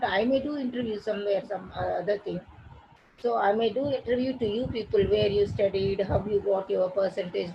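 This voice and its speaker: Woman lecturer, syllabus walkthrough, repeats points, medium pitch, faint hiss behind. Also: darkish tone, poor audio. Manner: repetitive, restates points with simple examples. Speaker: college English teacher. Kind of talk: classroom lecture introducing a syllabus.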